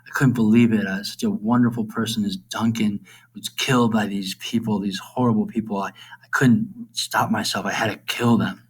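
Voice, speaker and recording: A guilt-ridden nobleman protests his grief, stumbling over his own words, as a man puts him on. The voice stays low and plain, close to an everyday tone. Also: flat delivery, moderate pace, breathy edge, poor audio. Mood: feigned grief.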